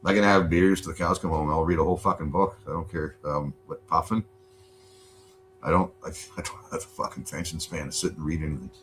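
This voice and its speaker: A very deep-voiced man talks on his home livestream in a loose, rambling way, with swear words dropped all through. Under his voice runs a faint steady hum. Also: fairly quick. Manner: laid-back, rambling, swears a lot. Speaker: livestream host. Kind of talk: casual chat.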